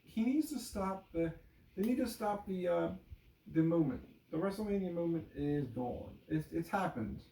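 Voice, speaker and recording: A man co-hosting a wrestling podcast in a joking, rambling way, his voice pitched a bit high with a mellow tone. He sits back from the mic in an echoey room. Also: lively intonation, moderate pace, far from the mic, slight background noise. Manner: joking, rambling, many fillers. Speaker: podcast co-host. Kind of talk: casual wrestling podcast chat.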